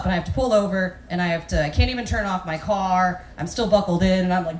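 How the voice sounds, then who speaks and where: Talking a little fast with barely a pause, a woman in her thirties performs a brash, self-mocking set of crude jokes into a handheld mic on a comedy club stage. Her pitch is medium, faint music plays behind her, and the recording is echoey with audience noise.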